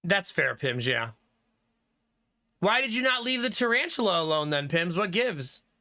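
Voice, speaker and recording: High, bright-voiced male game streamer. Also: sing-song, unhurried. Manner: chatty, laughs often, reads out viewer comments. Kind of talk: casual live-stream chat.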